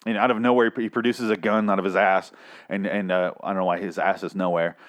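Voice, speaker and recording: A man's voice: low voice, little pitch movement, fast talker. A man giving a casual, profane TV recap, rambling and sarcastic, often stumbling over his words. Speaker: TV show recap host.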